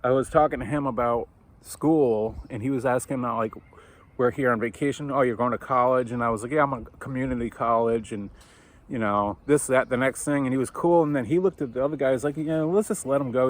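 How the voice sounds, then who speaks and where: A man casually telling a personal story over coffee, animated and swearing, acting out the voices of people he quotes. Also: mid-range voice, brisk.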